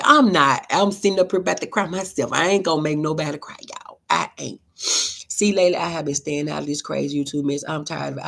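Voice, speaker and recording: A woman's voice: sits low, vocal fry. A middle-aged woman hosting a casual livestream, telling heartfelt stories and reading viewer comments aloud. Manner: emotional, heartfelt storytelling. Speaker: livestream host.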